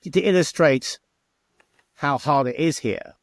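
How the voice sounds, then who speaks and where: A man's voice: a little high, measured pace, creaky, no echo. A middle-aged man, a former bar owner telling stories in an interview and acting out the exchanges he quotes. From England. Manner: chatty, acts out quoted exchanges. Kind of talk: interview storytelling.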